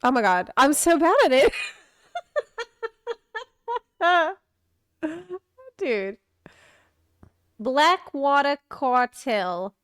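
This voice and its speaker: A high-voiced woman streamer chats over a game preview in a playful, joking way and keeps cutting in with comments. Her voice sits close to a dry mic with no room around it. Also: very animated, takes it slowly, long pauses, a bit bright, no room sound. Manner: joking, playful, interrupts the video often. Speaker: streamer reacting to a preview video. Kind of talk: casual reaction commentary.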